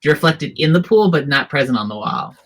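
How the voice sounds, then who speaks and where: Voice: medium pitch, lively intonation, fairly quick, a bit bright. A game master narrating a tabletop role-playing scene in detail, with frequent fillers and restarts. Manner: descriptive, hesitant with fillers.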